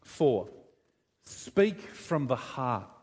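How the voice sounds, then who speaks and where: A man preaching a sermon, conversational and lively, asking the congregation questions and joking with them. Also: medium pitch, extremely slow, breathy edge. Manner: animated, conversational, addresses congregation with questions and humor. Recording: long reverb of a large hall.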